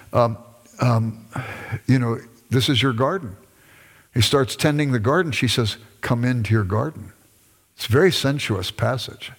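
A middle-aged man teaching a church audience about marriage in a conversational, self-deprecating way, acting out his own past arguments. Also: mid-range voice. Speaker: speaker on marriage. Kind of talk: sermon-style teaching talk.

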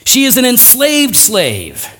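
A high-voiced man preaching a sermon, his pitch swooping widely as he acts out quick voices with a self-deprecating humor. His words ring out with a long reverb, as if spoken in a large hall. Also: wildly swooping pitch, bright, forceful tone. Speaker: pastor.

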